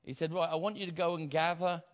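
A middle-aged man preaching a sermon, retelling a story with acted voices, repeated phrases and rising shouts. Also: a little high, steady tone, fast talker. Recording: slightly dull lo-fi sound.

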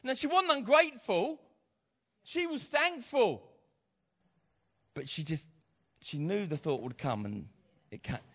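A middle-aged man preaching a sermon, retelling a story with acted voices, repeated phrases and rising shouts. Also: high voice, expressive, unhurried, long pauses. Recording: slightly dull lo-fi sound.

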